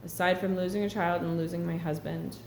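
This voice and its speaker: A woman's voice: fairly low pitch, fairly even intonation, brisk. A woman talking earnestly and reflectively to camera in a casual spiritual vlog. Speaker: spiritual vlogger. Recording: echoey room with faint background hum.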